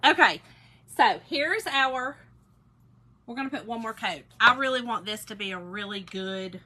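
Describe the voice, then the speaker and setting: A woman's voice: on the high side, animated, normal speed, pushed and bright, rough recording. A woman, hosting a casual craft livestream, telling a story and greeting viewers by name. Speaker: livestream host. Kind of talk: casual livestream chat while painting.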